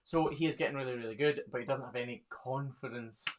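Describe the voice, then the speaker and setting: A man's voice: medium pitch, fast, slight background noise. A man, a hoof trimmer chatting casually on a live stream, reading viewer questions aloud and laughing often. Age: 30s.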